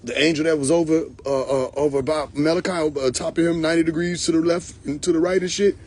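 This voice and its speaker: A man's voice: on the high side, steady tone, quick pace, darkish tone. A young man hosting a casual live stream, mocking and profane, often breaking into laughter.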